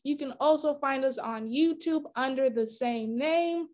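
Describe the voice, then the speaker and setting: High-pitched lady podcast host, teary and giggly, signing off. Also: unhurried, darkish tone. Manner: emotional, tearful, laughing. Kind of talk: podcast sign-off.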